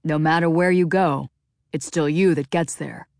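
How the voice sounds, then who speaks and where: A woman voicing a calm, gentle middle-aged father who speaks in a measured way, in an audiobook. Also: low-pitched, gravelly, no room sound, studio quality.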